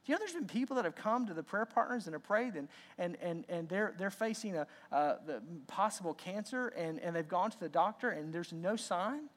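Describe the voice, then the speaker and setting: A man preaching a sermon as pastor, animated and repeating words as he acts out lines. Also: high-pitched, a little fast, few pauses.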